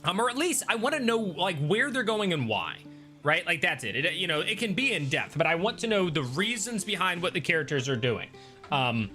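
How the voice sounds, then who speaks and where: Casual male streamer host, rambling chat delivery, brightish tone over quiet game music. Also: fairly high pitch. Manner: rambling, many ums and restarts, reads chat aloud. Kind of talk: casual chat while gaming.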